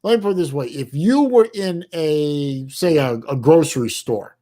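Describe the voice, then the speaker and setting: A man's voice: fairly high pitch, lively intonation, dark tone. Rambling folksy American man streaming. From United States. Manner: halting, many restarts, folksy slang. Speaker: livestream host reading chat. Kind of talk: casual rambling chat.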